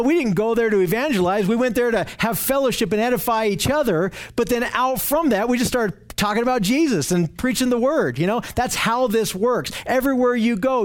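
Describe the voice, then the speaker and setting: A man with a fairly high voice delivers an earnest teaching sermon. He reads scripture aloud, then explains it, often restarting his sentences as he builds his point. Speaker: pastor.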